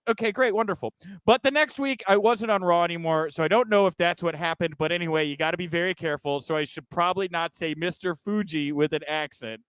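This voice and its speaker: A man's voice: high voice, quick pace, few pauses, fairly bright tone, smooth, no echo. A man hosting a news podcast in casual chat, with joking, sarcastic asides. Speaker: podcast host.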